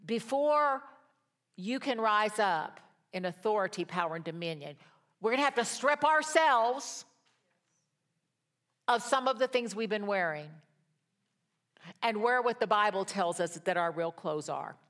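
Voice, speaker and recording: An older woman teaching a Bible study in a sermon style, telling stories that move from hushed to rousing. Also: medium pitch, expressive, unhurried, long pauses. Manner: storytelling, swings from hushed to rousing.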